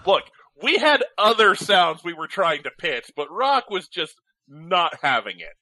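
Animated bright-voiced male co-host. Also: high-pitched, measured pace, no room sound, rough recording. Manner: animated, joking banter. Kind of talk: casual live talk show chat.

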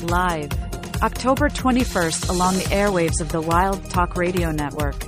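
A woman's voice: on the low side, normal speed. A woman playing the second anchor in a mock news promo, with a questioning anchor manner. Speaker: co-announcer in promo. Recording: music bed behind voice.

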